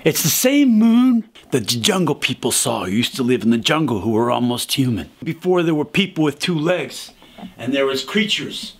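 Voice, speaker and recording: A man delivering a rambling, deadpan absurd comedy monologue that swings between mumbles and shouts. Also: medium pitch, moderate pace, husky.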